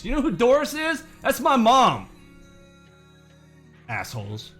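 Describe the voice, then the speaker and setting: A man with a fairly high voice rants at his viewers, indignant and sarcastic, and he swears freely. Soft music plays faintly behind him. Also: big pitch swings, normal speed. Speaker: trading channel host. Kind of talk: angry rant to viewers.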